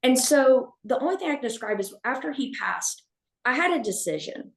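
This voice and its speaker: A woman shares a personal story in an open, conversational way, often stopping and starting her sentences. Her voice sits a little high. The echoey room carries her words. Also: sing-song, creaky. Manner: halting, with frequent restarts and fillers. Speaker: podcast guest, veterinarian.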